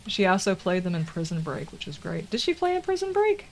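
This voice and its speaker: A woman with a Southern American accent rambles through tangents in casual chat during a game stream. She talks fairly quickly at a medium pitch with big swings, and there's a little background noise.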